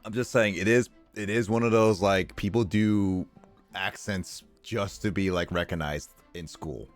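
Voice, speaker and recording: A man's voice: on the low side, fairly even intonation, measured pace, soft background music. A man streaming a game, chatting casually and laughing at himself between lines. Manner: laughing, self-mocking. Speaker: livestreamer.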